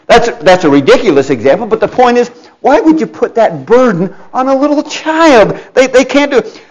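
A man's voice: high voice, low-quality recording. A man preaching a sermon in a conversational, emphatic way, addressing his listeners directly and acting out quoted parents. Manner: conversational, with restarts and asides to listeners.

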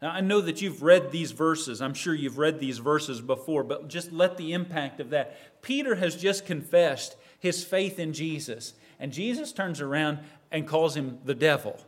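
Man preaching, high voice, sermon, dramatic swings from loud to hushed. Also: moderate pace. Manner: acts out a disciple's words in quoted asides; rises in loudness and falls to near silence.

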